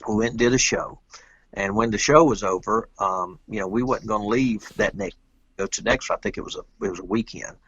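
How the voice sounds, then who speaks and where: A middle-aged man from Georgia, telling a rambling, animated story as a guest in a casual interview. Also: fairly low pitch, a little fast, breathy edge, no room sound, highs cut off. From Georgia, USA. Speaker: guest, pro pool player.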